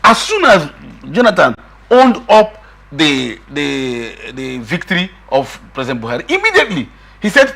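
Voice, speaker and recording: Man, middle-aged, husky, high voice, very lively pitch, emphatic talk-show guest. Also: moderate pace. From Nigeria. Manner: emphatic, repeats himself, quotes others in raised voice. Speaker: political guest. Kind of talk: animated political discussion.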